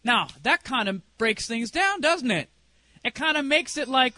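A man's voice: very high voice, sing-song, a little slow, pushed and bright, no echo. A middle-aged man preaching a sermon as a preacher and singer, telling a personal story in a conversational way and asking the congregation questions.

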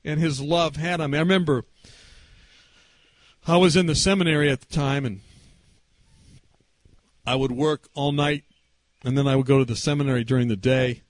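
A man preaching a sermon through a personal story, animated and swinging between loud and hushed delivery. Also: on the high side, normal speed, pauses often, no echo.

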